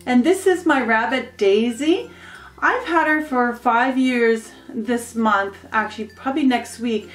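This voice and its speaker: A woman's voice: a little high, measured pace, soft background music. Chatty woman in an echoey room. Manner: chatty, rambling, coos baby talk at her pets. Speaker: pet vlogger. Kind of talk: casual show-and-tell. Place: home with pets.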